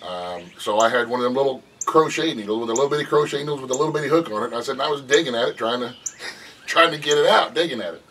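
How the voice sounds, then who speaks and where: A man's voice: mid-range voice, fast talker, fairly bright tone. A middle-aged man chats in a loose, rambling way from his front porch and laughs often. The recording is outdoor audio picked up from a distance, with faint birdsong and passing traffic behind him. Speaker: vlogger. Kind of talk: casual chat.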